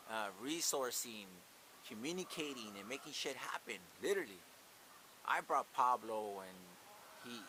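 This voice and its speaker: A man in his thirties venting in a casual vlog, profane and getting louder as he rants about his family. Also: mid-range voice. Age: 30s. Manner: profane, venting, gets loud when worked up. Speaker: channel host. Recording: hissy background.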